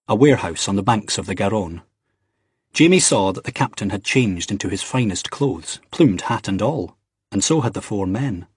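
Husky low-voiced male narrator. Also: no room sound, studio quality. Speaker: audiobook narrator. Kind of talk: scripted narration.

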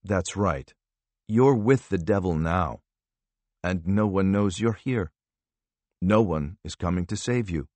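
A man voicing a calm, menacing male interrogator who speaks softly and slowly with quiet threat. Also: low voice, dry recording. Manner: soft, slow, quietly threatening.

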